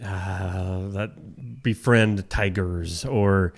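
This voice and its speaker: A man's voice: low-pitched, extremely slow. A man co-hosting a morning show, chiming in with short reactions and rambling asides. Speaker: co-host. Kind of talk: casual chat.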